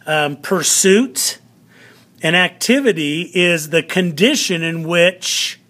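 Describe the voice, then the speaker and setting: A male teacher giving a vocabulary lesson to students, drawing out words slowly and checking in often. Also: a little high, a bit bright. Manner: slow, drawn-out word pronunciation with frequent "all right" check-ins.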